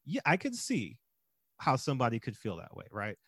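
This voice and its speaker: A man's voice: mid-range voice, a little fast, vocal fry, slightly rough, no room sound, clean studio sound. A man co-hosting a podcast, retelling and critiquing a movie in casual chat with frequent laughter. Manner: animated, acts out scenes, laughs often. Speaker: podcast co-host.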